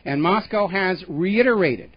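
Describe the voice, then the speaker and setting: A high-voiced, animated man speaks unhurriedly with a slightly rough edge and no echo. As a radio talk show host, he gives emphatic, pointed political opinions laced with scorn, heard through a dull lo-fi broadcast.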